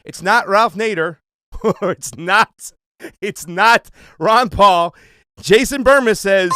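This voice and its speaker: A man's voice: high voice, slow, pushed and bright, clean tone, faint music behind. A man hosting a casual livestream trivia game, talking loosely with plenty of fillers and restarts.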